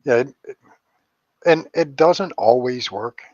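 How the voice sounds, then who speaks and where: A middle-aged man talks as a guest in an interview, rambling from one story to the next and dropping crude jokes and swear words. His voice sits at an ordinary pitch. The recording is dry and dull. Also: animated, takes it slowly, darkish tone, no room sound. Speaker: psychic medium and paranormal investigator guest.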